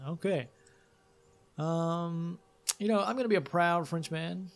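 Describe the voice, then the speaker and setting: A man's voice: a little high, animated, takes it slowly, pauses often. Laid-back man reading game text. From Louisiana. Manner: laid-back, thinks aloud with frequent ums and uhs. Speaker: let's play host. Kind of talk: reading game text aloud with casual commentary.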